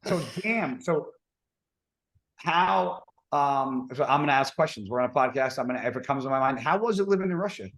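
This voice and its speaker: A man's voice: medium pitch, animated, fairly bright tone. Man hosting a rambling casual podcast. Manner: rambling, joking, halting restarts. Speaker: podcast host.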